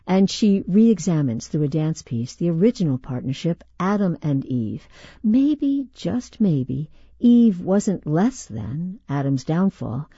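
Woman radio host, scripted intro, emphatic pauses, animated pitch, dry close sound. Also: breathy edge, no echo. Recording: slightly muffled broadcast audio.

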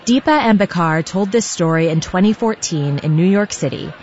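A woman hosting a radio show, reading a smooth, measured scripted introduction. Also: lowish voice, animated, a little mellow. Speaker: radio host. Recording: dull sound with music and crowd behind.

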